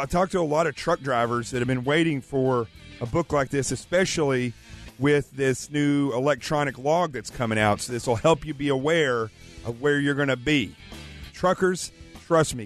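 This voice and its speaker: Filling in on talk radio, a man from the American South banters casually in the studio while fighting a cold, joking around and promoting his book. His mid-range voice moves at a normal speed, and faint music plays behind him on the studio microphone.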